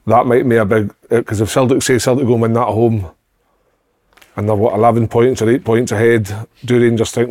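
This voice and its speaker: A Scottish man at an ordinary middle pitch, co-hosting a relaxed football chat. He speaks in a measured way, thinking out loud and weighing up how things might play out. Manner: measured, thinks aloud through scenarios. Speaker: podcast co-host.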